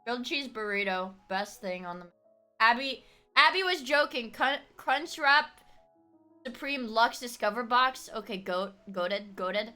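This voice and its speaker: Woman streamer, casual chat, swoops through her pitch, laughs a lot and bursts into shouts. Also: animated, a little slow, faint music behind.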